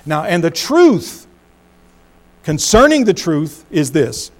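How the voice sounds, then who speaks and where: With a fairly high, sing-song voice, a middle-aged pastor preaches. He alternates between forceful, loud phrases and soft, hushed ones, varying his speed to drive his points home.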